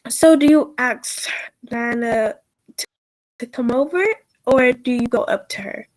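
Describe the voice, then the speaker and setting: A woman narrating as game master of a tabletop role-playing game, halting and full of fillers. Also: a little high, a little mellow, no room sound, poor audio.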